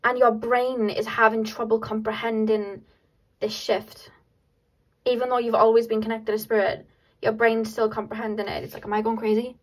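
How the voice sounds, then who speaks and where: A woman giving a casual pick-a-card tarot reading to her viewers, excitable and laughing often between many filler words. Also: a little high, moderate pace, poor audio.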